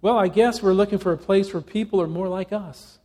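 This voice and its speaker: A hesitant, slow-speaking talking hand, as a male pastor reads it out, a church member in a storybook parable. His halting voice is slightly husky and mellow. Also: high voice, in a large hall. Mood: explaining.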